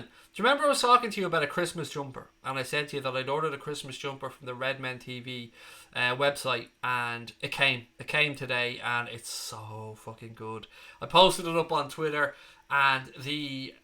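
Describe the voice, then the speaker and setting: Irish man, thirties, live stream host, chatty and blunt, very bright voice. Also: mid-range voice. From Ireland. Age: 30s. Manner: chatty, blunt, swears freely. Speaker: fan channel host. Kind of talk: casual live-stream chat reading comments.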